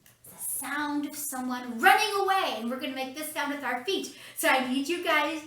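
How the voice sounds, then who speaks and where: A woman's voice: high voice, moderate pace, a bit bright. A woman leading kids' story time from her home, upbeat and talking straight to the children. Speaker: children's ministry leader. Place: at home, roomy indoor space. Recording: very echoey room, mic at a distance.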